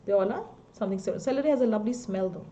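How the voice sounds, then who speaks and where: A woman's voice: medium pitch, racing, warm tone, highs cut off. A woman teacher with an Indian English accent, reading a story aloud and stopping to explain its words.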